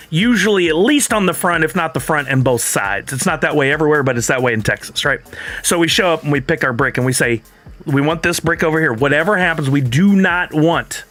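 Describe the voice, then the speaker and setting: A man's voice: on the high side, fairly bright tone. A middle-aged man hosting a stream, telling a story in casual chat and acting out both sides of the conversation. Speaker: streamer host.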